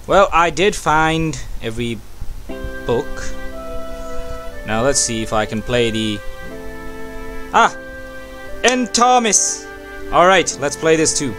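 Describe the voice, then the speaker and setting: A man's voice: medium pitch, a little slow, pauses often, soft background music. A young man hosting a gaming channel, chatting to himself as he plays, with sudden yelps and exclamations. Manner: excitable, talks to himself, frequent yelps. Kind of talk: let's play commentary.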